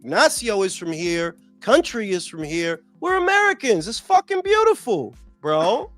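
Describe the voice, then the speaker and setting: A New man hosts a casual podcast, ranting in a profane, animated way. His voice sits high and swings widely in pitch. Faint music plays behind him. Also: normal speed, no room sound. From New York. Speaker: podcast host.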